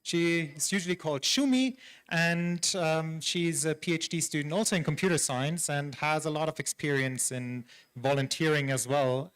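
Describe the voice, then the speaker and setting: A man speaks in a conference hall. His voice is smooth and resonant and a bit high. His introduction of a colleague is short and formal. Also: fairly bright tone. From Germany.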